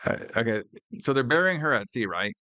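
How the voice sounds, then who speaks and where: Bright-voiced man recapping a film casually. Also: medium pitch, fairly quick, no room sound. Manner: animated, profane, acts out quoted lines. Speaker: podcast co-host. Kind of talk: casual movie recap chat.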